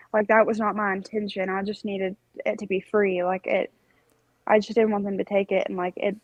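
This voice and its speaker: Casting: young woman, podcast co-host, animated rambling storyteller, dry close sound. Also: mid-range voice, no room sound, dull audio. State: recovering from strep throat. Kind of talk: casual chat, storytelling.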